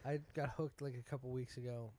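A man's voice: medium pitch, fairly even intonation, a little fast, mellow, a little hiss or hum. A man from the United States, a comedian, in casual joking chat with loose, profane talk.

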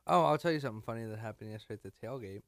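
Racing along in a mid-range voice, a tired-sounding podcast co-host speaks with his morning voice into a studio microphone, with studio-quality audio and no room sound. His casual chat rambles, turns self-deprecating, and trails away.

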